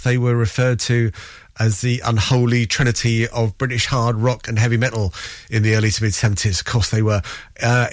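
A man presenting a music radio show, chatty and rambling, with lots of ums and self-corrections, easily excited. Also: mid-range voice, no room sound, clean studio sound. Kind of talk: casual music radio chat.

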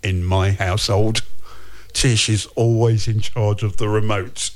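A man's voice: lowish voice, steady tone, measured pace. A man hosting a breakfast radio show, reading listener messages in playful, laughing banter. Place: radio studio.

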